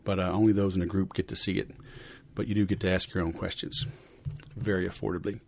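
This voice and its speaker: A man's voice: deep voice, little pitch movement, fast talker, vocal fry, darkish tone. A man hosting a sales podcast in a loose, rambling, joking manner with many fillers. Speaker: podcast host. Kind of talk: casual podcast chat.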